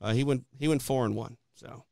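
A man's voice: medium pitch, steady tone, brisk, gravelly, darkish tone, no echo, clean studio sound. A man hosting a casual sports talk show, breaking down fight results with lots of "uh" and "you know" fillers. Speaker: podcast host.

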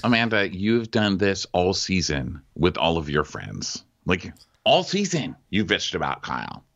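A man's voice: deep voice, huge pitch swings, unhurried, creaky, a bit bright. A man co-hosting a comedic TV recap, wry and laughing, acting out quotes. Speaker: podcast co-host. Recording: dull lo-fi podcast audio.

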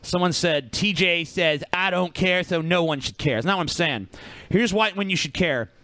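A man's voice: high-pitched, moderate pace, sharp tone, dry recording. A man co-hosting a podcast, ranting bluntly and combatively with constant swearing. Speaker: podcast co-host. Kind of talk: profane casual chat.

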